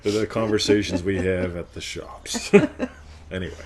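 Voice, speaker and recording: A man's voice: low-pitched, fairly even intonation, normal speed, a crowd in the background. A man hosting a live question-and-answer show, chatting playfully, laughing often and tagging his points with "right?". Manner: slips into silly character voices. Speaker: host of live Q&A. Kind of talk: casual coaching talk.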